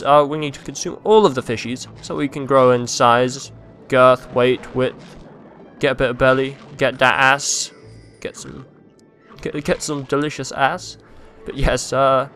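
Bright-voiced crude gaming man. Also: mid-range voice. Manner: crude, rambling, self-mocking, bursts into silly yells. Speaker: let's play host. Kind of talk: game commentary.

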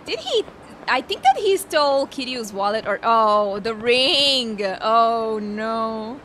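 A woman streaming a video game, chatting and reacting with excitement. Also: a little high, takes it slowly, a little hiss or hum. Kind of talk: casual gameplay commentary.

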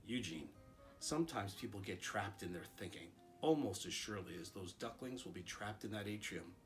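A man reading aloud, voicing a gentle, wise school principal who speaks quietly and kindly. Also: lowish voice, sing-song, measured pace, soft background music. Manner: quiet, gentle and warm-hearted.

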